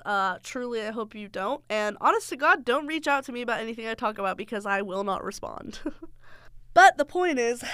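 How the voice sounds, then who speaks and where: A woman's voice: on the high side, pushed and bright, smooth, dry recording, studio quality. A young adult woman hosting a podcast, telling a personal story in a frank, sarcastic way and swearing freely. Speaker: podcast host. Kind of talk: candid storytelling monologue.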